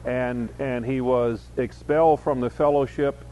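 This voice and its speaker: A man's voice: mid-range voice, fairly even intonation, unhurried, warm tone, dull audio, a little hiss or hum. Man teaching a Bible study lecture. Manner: explains word by word, reads verses aloud with emphasis, frequent fillers.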